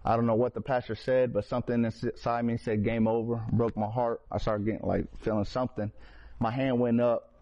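A man's voice: mid-range voice, level tone, fairly quick, dark tone. A man telling his personal faith testimony in casual storytelling, earnest, with street slang and frequent restarts. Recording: slightly dull lo-fi recording.

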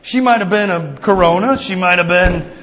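A man preaching a sermon in a casual, conversational way, often checking in with the listeners with a quick "right?". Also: high-pitched, a bit bright. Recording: long reverb of a hall.

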